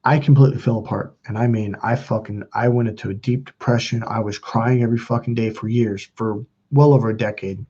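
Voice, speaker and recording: A man's voice: steady tone, fairly quick, few pauses, dark tone, husky, muffled recording. Intense, profane man telling his story. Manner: raw, profane and intense, voice climbing high when quoting others. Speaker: channel host. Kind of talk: emotional personal storytelling.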